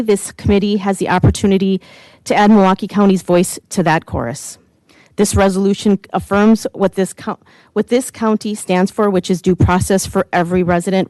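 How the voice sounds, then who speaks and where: Earnest woman speaking at a county hearing, warm dark tone, dry room. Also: mid-range voice, no echo, rough recording. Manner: earnest, emotional, formal. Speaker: public commenter, civic group director. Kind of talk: formal public testimony.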